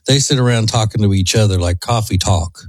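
A man co-hosts a chat show in a rambling, easygoing way. His voice sits a little low. The sound is dry and close to the mic. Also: a little fast, darkish tone, no echo. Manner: rambling, laid-back storytelling. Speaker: radio show co-host. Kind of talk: casual chat.

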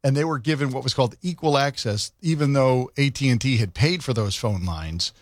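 A man's voice: medium pitch, fairly quick, dry recording, studio quality. A male radio morning host talking casually and rambling with lots of fillers and restarts. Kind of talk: casual on-air chat.

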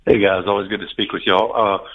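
Caller guy, fast and husky, muffled phone line sound. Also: on the low side, fairly even intonation. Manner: fast, friendly, storytelling. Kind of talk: phone-in chat.

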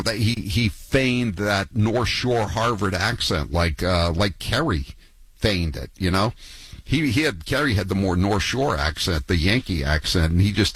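A man's voice: low-pitched, a bit bright, breathy edge, dry recording, low-quality recording. A man hosting a call-in radio show, telling wry, gossipy, rambling stories to callers. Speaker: talk radio host.

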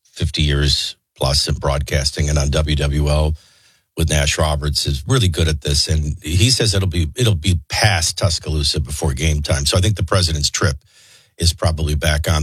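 Brash male morning radio host with a bright, husky voice, dry studio sound. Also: a bass voice, animated, moderate pace, no room sound. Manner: brash, joking, opinionated. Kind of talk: talk radio banter.

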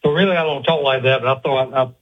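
A man's voice: medium pitch, fast talker. A man from South Carolina with a thick South Carolina accent, calling in to a radio show, joking and laid-back. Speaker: caller. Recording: dull phone line.

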